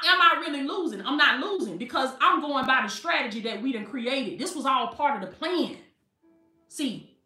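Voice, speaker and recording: A woman preacher, delivering an animated sermon, calling listeners baby and laughing often. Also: high-pitched, recorded from a distance. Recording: echoey, from off the mic, faint music.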